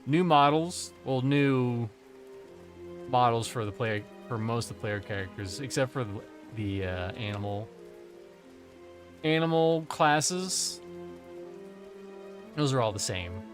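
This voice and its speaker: A man streams a video game, offering casual commentary in a mid-range voice at a slow pace with long pauses. He rambles, jokes and swears, and soft music plays in the background.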